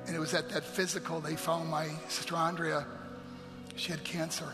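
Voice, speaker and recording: A man telling an emotional personal story to an audience in a large hall, earnest and sometimes dropping to hushed near-whispers. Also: on the high side, flat delivery, normal speed. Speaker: motivational speaker. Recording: long hall reverb, faint music.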